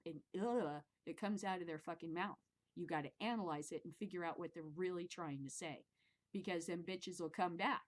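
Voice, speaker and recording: Rambling, swearing middle-aged woman host. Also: fairly low pitch. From American Midwest. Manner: rambling, animated, swears freely. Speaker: podcast host. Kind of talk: casual monologue commentary.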